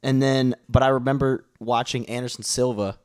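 A man's voice: medium pitch, steady tone, normal speed, a little mellow, clean tone. A man co-hosting a podcast, chatty and joking, often restarting his sentences. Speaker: podcast co-host. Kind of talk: casual chat.

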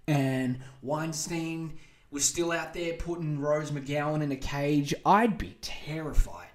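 A man in his twenties, a podcast host telling a crude, animated story and acting out quotes in raised voices. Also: a little high. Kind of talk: casual storytelling monologue. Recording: roomy echo.

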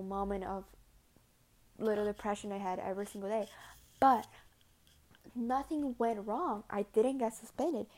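A woman's voice: medium pitch, mellow. A young woman in her late teens chatting casually to camera in a rambling way, full of fillers and swearing, sometimes dropping to near whispers. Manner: tense, drops to near whispers at times. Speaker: vlogger. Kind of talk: casual confessional chat.

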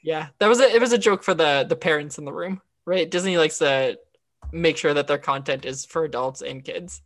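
A woman co-hosting a podcast walks through an episode recap in a chatty, informal style, frequently filling pauses and restarting her sentences. She speaks in a low voice at a moderate pace.

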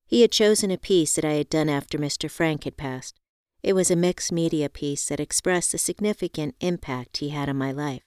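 A woman reads a first-person novel aloud in a calm, measured way. Her voice sits a little low and sounds smooth and crisp, recorded close and dry. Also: no echo. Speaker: audiobook narrator. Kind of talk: scripted first-person narration.

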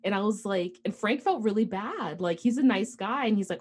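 A woman's voice: medium pitch, sing-song, fairly quick, breathy edge. A young woman co-hosting a podcast, telling a long story in casual chat, full of fillers and asides. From United States. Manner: rambling storytelling with many fillers. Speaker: podcast co-host.

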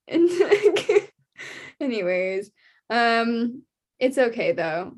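Young woman raving about a book, fairly high voice, lots of likes and ums, laughs a lot. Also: big pitch swings, extremely slow. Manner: gushing, filler-heavy, laughs often. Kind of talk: casual book chat.

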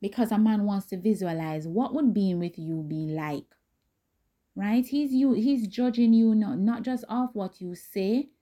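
A woman hosting a dating advice talk, speaking directly and emphatically in a casual way, with a voice that is not high or squeaky. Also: unhurried, dark tone. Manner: direct, emphatic, conversational with quoted asides.

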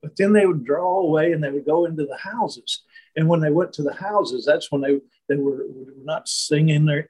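A man speaking as a guest, telling a reflective story in conversation, halting and restarting often. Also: fairly high pitch, darkish tone, husky, rough recording. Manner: slow, halting, many restarts and fillers.

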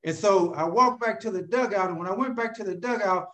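A man with a high voice for a man tells his story to a live audience. He is lively and keeps turning to the crowd with questions like "you know what?", and he calls out to people by name. His storytelling is direct and conversational. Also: brisk. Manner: animated storyteller who keeps asking the crowd rhetorical questions; addresses listeners directly by name. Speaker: speaker sharing his recovery story.

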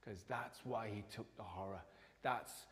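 A pastor preaching a sermon in a church, his voice sitting a little low. He rises to loud, emphatic phrases, then drops to near-whispers for effect. Long reverb trails off his words in the large hall. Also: measured pace.

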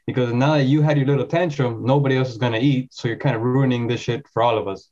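A man's voice: medium pitch, steady tone, fast, darkish tone. Man, casual chat, reflective, long run-on sentences, muffled lo-fi sound. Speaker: podcast co-host. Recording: slightly dull lo-fi sound.

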